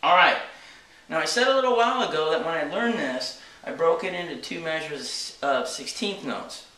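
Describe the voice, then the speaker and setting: A man with a slightly high, sharp-toned voice teaches drums at normal speed, explaining steps plainly and often checking with "okay?". The distant mic picks him up in an echoey studio room.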